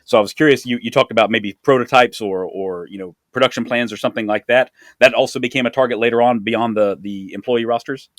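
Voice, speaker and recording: A man hosting a podcast, asking thoughtful, measured questions. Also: mid-range voice, fairly even intonation, a bit bright, no room sound, studio quality. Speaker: podcast host. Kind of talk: interview questions.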